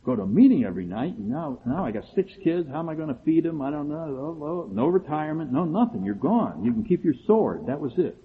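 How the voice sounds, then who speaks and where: A middle-aged man telling his own story to a recovery group, animated and quick to act out other people's replies. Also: on the high side. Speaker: speaker sharing his story at a recovery meeting. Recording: tinny phone-like recording with faint background hiss.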